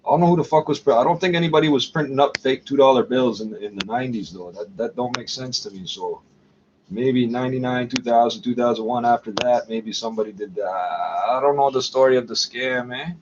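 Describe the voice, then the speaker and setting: A man's voice: mid-range voice, fairly quick, a little mellow, lo-fi sound, a little hiss or hum. A man rambling profanely to camera in a casual monologue, muttering asides and tagging lines with "eh?". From Canada. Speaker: vlogger.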